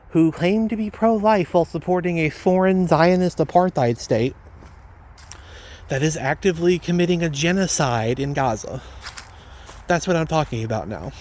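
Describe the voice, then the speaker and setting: A man's voice: on the high side, a little mellow. A man delivering a ranting monologue to his followers, blunt and indignant, repeating himself for emphasis. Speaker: vlogger.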